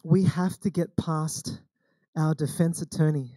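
A man's voice: a little high, steady tone, measured pace, warm tone, no echo. An Australian man preaching a sermon as senior pastor, telling stories in a conversational way and acting out the quoted lines. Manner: conversational storytelling with acted quotes.

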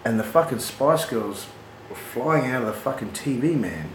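A man's voice: mid-range voice, normal speed. Swearing Australian man telling a yarn. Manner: swearing, animated, laughs at his own yarns. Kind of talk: casual storytelling. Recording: echoey room with clear background noise.

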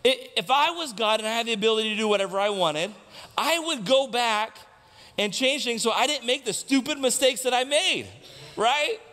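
A man's voice: very high-pitched, animated, moderate pace, pushed and bright. A male pastor preaching a sermon, asking the congregation questions and repeating key lines for emphasis. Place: church sanctuary. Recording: long reverb of a church hall.

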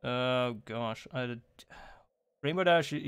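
Male streamer of middle pitch, loose and rambling, chatting with viewers while he plays. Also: slow pace, pauses often, fairly bright tone, clear, resonant tone. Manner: rambling, with many fillers and restarts; reads on-screen game text aloud. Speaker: game streamer and voice actor. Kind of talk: casual live-stream chat while playing.

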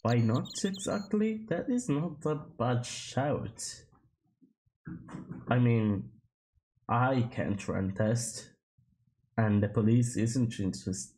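A man's voice: mid-range voice, expressive, slow pace, pauses often, dark tone. A man commenting on a video game he is playing, rambling and trailing off as he reacts. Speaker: gaming streamer. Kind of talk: let's play commentary.

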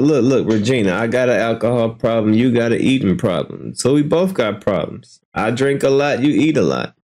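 A man hosting a live stream, answering insults with sarcastic jokes and calm talk. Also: medium pitch. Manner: sarcastic, joking back. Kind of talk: casual live-stream commentary.

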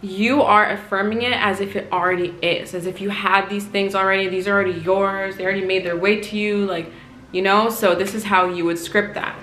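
A woman's voice: medium pitch, moderate pace, fairly bright tone. A woman in her twenties, talking candidly in a casual vlog, with many "like" fillers. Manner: chatty, candid, lots of "like" fillers. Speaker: spiritual vlogger. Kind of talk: casual chat to camera. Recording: echoey room, faint noise.

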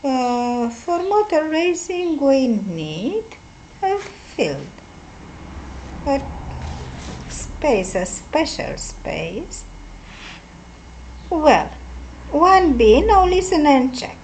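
A woman teaching English, reading words and phrases aloud one by one with deliberate pronunciation in a lesson. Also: high-pitched, very animated, a little mellow, slight background noise, low-quality recording. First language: Romanian. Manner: careful, deliberate word-by-word pronunciation. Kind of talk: slow lesson reading out word lists.

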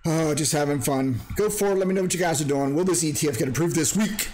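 A man's voice: on the high side, quick pace, darkish tone, a little hiss or hum. A man in a casual, rambling screen-share vlog about crypto mining who jokes around and breaks into silly sing-song bits.

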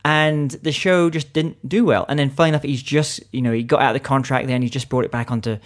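Male host, mid-pitched, chatty interviewer with frequent restarts. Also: steady tone, fast talker. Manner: conversational, many restarts. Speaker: podcast host. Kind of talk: casual interview chat.

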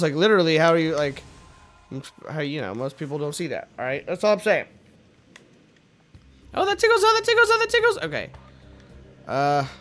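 A high-pitched man narrates his own gameplay in a loose, chatty way. He drops into quiet mumbling, then bursts into frustrated yelling and swearing. Faint music plays underneath. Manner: swings from mumbling to frustrated shouting, swears freely. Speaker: let's play host. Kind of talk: casual gameplay commentary.

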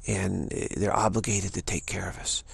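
A spiritual teacher with a low, husky voice and vocal fry speaks in a level tone at a moderate pace. His talk is emphatic, and he keeps repeating and restarting phrases to drive his point home.

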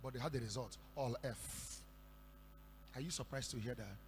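A Nigerian man preaching a sermon, telling stories and breaking into shouted declarations. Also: medium pitch, normal speed. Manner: storytelling with sudden shouted declarations. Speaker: pastor. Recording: echoey hall with faint hum.

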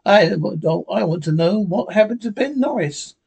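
A man voicing a steady, commanding frontier lawman with a husky voice. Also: high-pitched, moderate pace, pitched above the performer's own voice, exaggerated voice. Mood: firm. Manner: firm, commanding.

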